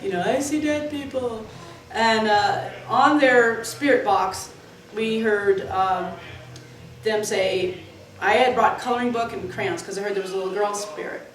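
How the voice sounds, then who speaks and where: A woman from Florida who works at the club, telling rambling, animated stories full of fillers and tangents. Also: mid-range voice, normal speed. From Florida, USA. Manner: animated, lots of fillers, jumps between tangents. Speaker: club worker interviewee. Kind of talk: rambling anecdotal storytelling. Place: indoors, in the club building. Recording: echoey room, distant mic, faint noise.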